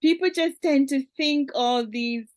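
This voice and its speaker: A woman speaking as a guest in a candid conversation, reflective and measured, with wry laughter. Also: high voice, dry recording.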